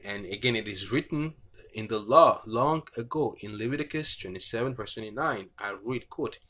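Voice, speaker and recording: Low-ish guy preaching, reading bible verses, lots of uh and okay. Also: lively intonation, normal speed, pushed and bright. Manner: reads scripture aloud, frequent fillers and "okay". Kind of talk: bible teaching sermon.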